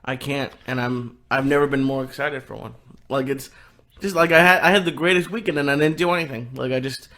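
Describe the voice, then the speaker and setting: A man co-hosting a podcast, chatting softly and hesitantly with many fillers. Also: mid-range voice, brisk. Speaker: podcast co-host. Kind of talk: casual chat.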